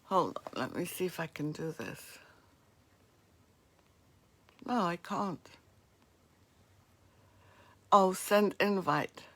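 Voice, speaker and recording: A woman's voice: fairly low pitch, animated, slow, pauses often, a bit bright. A woman with a New Jersey accent, hosting a crafts livestream and chatting casually with viewers in the comments. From northeastern US. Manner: chatty, friendly asides to commenters.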